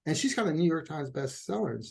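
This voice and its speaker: A man's voice: a little high, fast, vocal fry, husky. A middle-aged man, a couples therapist, answering in a conversational interview and telling stories with acted-out quotes. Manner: animated storyteller, acts out quotes.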